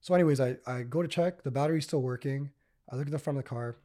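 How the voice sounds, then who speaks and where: A man hosts a casual podcast, telling rambling stories packed with "like" and "you know." His voice is medium in pitch and warm, and he talks at a quick pace.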